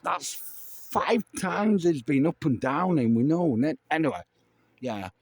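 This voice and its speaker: Slow, rambling man. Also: a little high, animated, darkish tone. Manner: meandering, swears casually, slow drawl. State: tipsy from drinking. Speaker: vlogger. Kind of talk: rambling late-night monologue.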